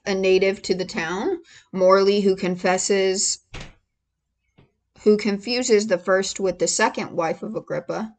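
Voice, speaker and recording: A woman in a whispered role-play ASMR reading, going slowly and haltingly and spelling out hard words letter by letter. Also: lowish voice. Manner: gets emotional and laughs between passages. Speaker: ASMR host reading aloud.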